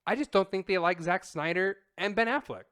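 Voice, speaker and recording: A man's voice: high voice, brisk, fairly bright tone, clear, resonant tone. A man co-hosting a casual podcast chat, emphatic and acting out quotes. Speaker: podcast co-host.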